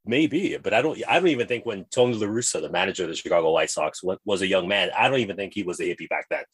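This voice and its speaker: Man, deep husky voice, podcast co-host, rambling, playful, casual chat. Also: animated, quick pace. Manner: rambling, tangent-prone, playful.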